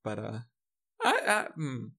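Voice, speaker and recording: A man's voice: medium pitch, wildly swooping pitch, unhurried, vocal fry, bright, forceful tone. A man guessing quotes on a casual podcast, stammering and joking as he goes. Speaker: podcast guest and quiz contestant.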